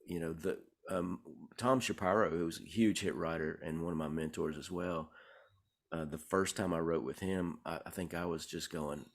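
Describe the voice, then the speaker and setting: A man, a songwriter guest, telling stories in a relaxed, rambling way, with many fillers and restarts. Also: low voice, normal speed, vocal fry. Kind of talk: conversational interview storytelling.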